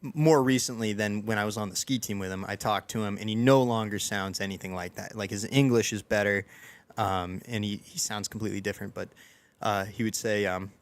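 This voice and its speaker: A man's voice: fairly low pitch, fairly even intonation, brisk, no echo. A young man hosting a podcast in casual chat, talking in a rambling, self-deprecating way with lots of fillers and restarts. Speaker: podcast host.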